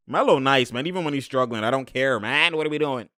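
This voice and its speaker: A young man giving casual reaction commentary on basketball footage, excitable and slangy, laughing often and slipping into high mimicking voices. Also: moderate pace, dry recording, clean studio sound.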